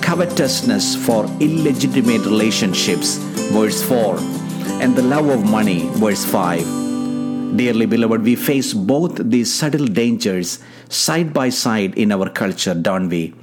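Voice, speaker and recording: A man giving an earnest, measured devotional sermon and leading a prayer, addressing listeners as beloved, with slightly non-native phrasing. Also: fairly low pitch, animated. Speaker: preacher. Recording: guitar music clearly behind.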